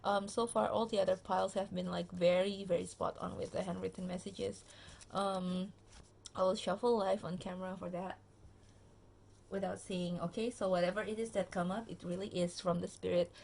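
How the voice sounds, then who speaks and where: Her voice is lowish, creaky, and darkish, with a level tone at normal speed. This tired tarot reader chats casually into her phone camera for a pick-a-card reading, talking straight to viewers with lots of fillers and restarts.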